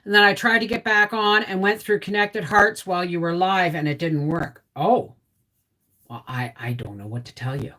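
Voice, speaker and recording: This homestead channel host, a middle-aged woman, has a fairly low voice with a sharp tone and speaks at normal speed. During her casual live stream she chats with viewers, reads their names, and gets emotional.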